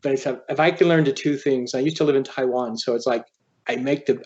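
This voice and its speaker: An author telling a personal story as a podcast guest, in an earnest, halting way. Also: male voice, medium pitch, steady tone, a little mellow, lo-fi sound. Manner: earnest, halting, quoting others as he tells a story.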